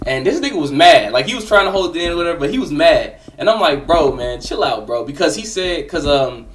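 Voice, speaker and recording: Young man, casual storytelling, profane slang, somewhat high voice, a bit distant from the mic. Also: very animated, fast talker, a bit bright, a little hiss or hum. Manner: slangy, profane, talks straight to the listener.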